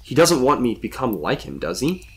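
A man's voice: mid-range voice, sing-song, fairly quick. A man playing a young explorer lost in a cave, sarcastic and questioning.

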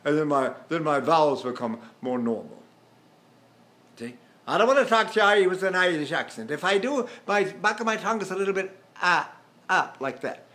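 Older male voice teacher, higher voice. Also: animated, a little fast, fairly bright tone. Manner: demonstrative, explains through examples and questions. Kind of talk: vocal technique lesson with sung demonstrations.

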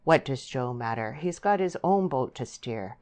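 A woman's voice: very deep voice, lively intonation, a little slow, darkish tone. A woman reading an eager, impatient young man. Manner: insistent and impatient.

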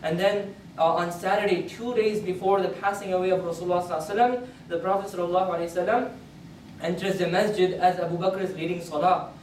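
A man's voice: high-pitched, fairly even intonation, quick pace, darkish tone, slight background noise. Man telling a sermon story, earnest, repeats himself a lot, echoey room, kinda far off. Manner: earnest retelling with repeated phrases, voice rising for quoted speech. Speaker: imam giving the Friday sermon. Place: mosque prayer hall. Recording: echoey hall, voice from a distance.

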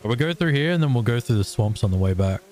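A man streaming a roleplay game, chatting casually with friends, playful and quick to laugh. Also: mid-range voice, lively intonation, darkish tone. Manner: laughing, playful, talks in a pirate growl. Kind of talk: casual gaming chat.

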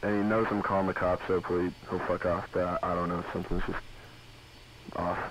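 A man playing a frightened young man calling the police, who swears a lot and speaks in halting, anxious bursts. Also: low voice, level tone, fairly bright tone. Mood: scared. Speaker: caller to police. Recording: dull lo-fi audio with clear noise.

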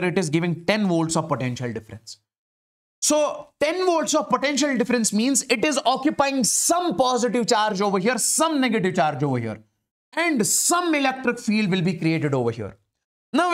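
A male physics teacher giving an exam-prep lecture, emphatic and repetitive, restating each step. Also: high-pitched.

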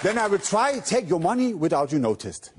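A man's voice: high voice, sing-song, a little fast, a faint crowd, slight background noise. Playful man doing a pickpocket stage act. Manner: playful, teasing, coaxing audience volunteers. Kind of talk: live stage patter with volunteers.

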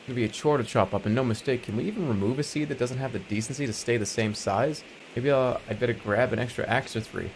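A man's voice: medium pitch, slight background noise, pitched below the performer's own voice, natural voice, poor audio. A man voicing a folksy old alien villager in a video game, with a drawling, homespun grumble.

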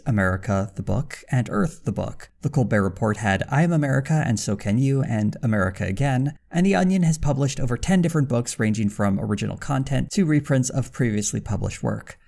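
A man's voice: mid-range voice, vocal fry, a little mellow. A man narrating a scripted commentary video in a dry, critical manner. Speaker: video essayist.

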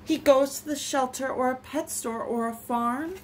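High-voiced woman reading a picture book. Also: moderate pace, a little hiss or hum. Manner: expressive, lilting. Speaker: storytime reader. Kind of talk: reading picture books aloud.

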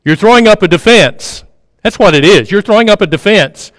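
Male preacher, high voice, conversational sermon, repeats lines, long hall reverb. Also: animated, a little fast, a bit bright, clean studio sound. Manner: conversational, repeats phrases for emphasis, drops to a near-murmur. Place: church sanctuary.

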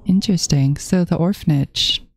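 Woman, horror game commentary, low gravelly voice, jittery self-talk. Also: moderate pace, faint music behind. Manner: jittery, muttering to herself, repeats herself nervously. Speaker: gaming channel host.

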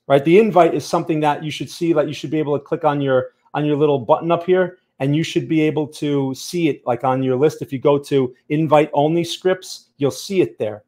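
A man's voice: fairly high pitch, a little mellow. A man hosting a live stream, analysing charts and answering chat in a conversational way, often checking in with the viewers. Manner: conversational, keeps checking in with "okay?" and "right?". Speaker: trading channel host.

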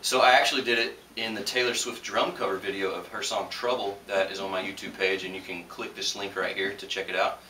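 Chatty drum teacher in an echoey room. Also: male voice, deep voice, flat delivery, a little fast, hardly any pauses. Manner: loose, chatty, lots of fillers and restarts. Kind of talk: casual drum lesson. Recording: roomy echo, distant mic, noisy.

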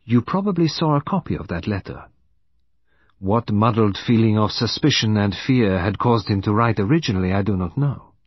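A man voicing a calm, gentle elderly detective laying out his deductions in an audiobook. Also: lowish voice, husky, no echo. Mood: calm accusing. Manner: gentle, measured. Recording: dull dry recording.

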